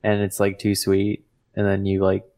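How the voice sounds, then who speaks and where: A man with a low, gravelly voice that stays flat and even in pitch, co-hosting a podcast. He rambles casually and fills his talk with "like". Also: normal speed. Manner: rambling, lots of "like". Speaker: podcast co-host. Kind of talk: casual chat.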